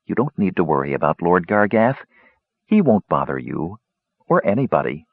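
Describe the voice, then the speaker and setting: A man putting on a languid, teasing dark-haired beauty. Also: low-pitched, sing-song, normal speed, dry recording, heavily acted. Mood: whispering. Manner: soft, sighing, coaxing delivery. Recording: dull lo-fi dry recording.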